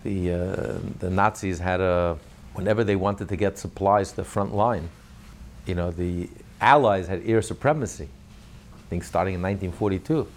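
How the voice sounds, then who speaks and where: Man, rabbi, religious class, emphatic, rhetorical questions, slightly low pitch. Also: normal speed, a little hiss or hum.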